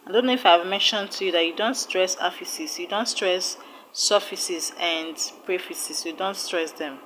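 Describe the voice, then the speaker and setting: A woman's voice: lowish voice, fairly bright tone, a little hiss or hum, rough recording. A woman with a Nigerian accent teaching an online exam-prep lesson, patiently repeating each word and sounding it out syllable by syllable. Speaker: English teacher.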